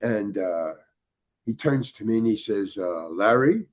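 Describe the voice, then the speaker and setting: An older man, a podcast guest, telling a long anecdote in a halting way, restarting his sentences and acting out the dialogue. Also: on the low side, animated, darkish tone. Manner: halting, many restarts, acts out quoted dialogue. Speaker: guest storyteller.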